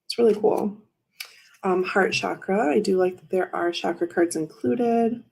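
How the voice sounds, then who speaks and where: A woman's voice: mid-range voice, unhurried, creaky, darkish tone, husky. A woman hosting a casual tarot livestream, rambling and interrupting herself as she talks to viewers in chat. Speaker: tarot reader and livestream host.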